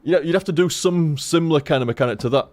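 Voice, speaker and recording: A man's voice: fairly high pitch, fast talker. A man streaming a game, rambling casually to his chat, with lots of swearing. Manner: rambling, heavy swearing, animated.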